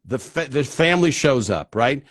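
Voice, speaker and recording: A man's voice: medium pitch, very animated, moderate pace, no echo. Dry-sounding chatty male host. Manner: chatty, digressive, laughs often. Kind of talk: casual interview chat.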